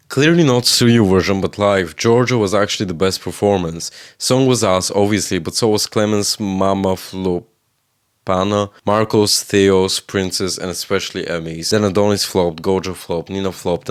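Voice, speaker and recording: A deep, low-pitched male voice hosting a commentary video. He rants in a sassy, blunt way and lays out strong opinions with a casual edge. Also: normal speed. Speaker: video host.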